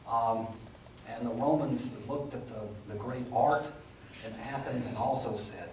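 A man's voice: medium pitch, moderate pace, a little mellow, far from the mic. A man giving a Bible lecture in a conversational way, with lots of fillers, restarts and dry humorous asides. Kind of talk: classroom lecture. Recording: roomy, from the mic, faint hum.

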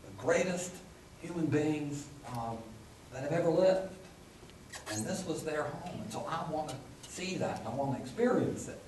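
A man's voice: fairly high pitch, animated, moderate pace, a little mellow, distant mic. Man lecturing in a roomy hall. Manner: conversational, with frequent fillers and restarts; dry humorous asides. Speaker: Bible lecturer. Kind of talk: classroom lecture. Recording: roomy, from the mic, faint hum.

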